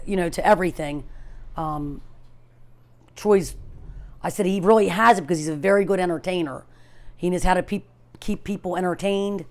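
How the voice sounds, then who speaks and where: A middle-aged woman, a performer's mother, speaking hesitantly in a documentary interview, with frequent pauses and retold dialogue. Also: on the low side.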